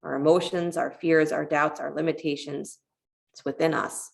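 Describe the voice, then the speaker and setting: A woman leads a yoga class in a low, gravelly voice. She talks with calm encouragement, weaving gentle cues between the poses and a story she tells. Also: normal speed. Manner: calm, encouraging cueing with a parable told in between. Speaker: yoga teacher.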